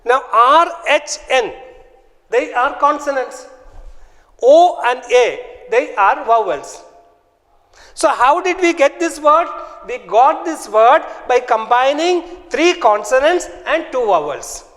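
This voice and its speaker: Slow, high-voiced man teaching phonics. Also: expressive, a bit bright, big-room sound. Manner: slow, repetitive, drills words aloud. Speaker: English teacher. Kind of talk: classroom phonics lesson.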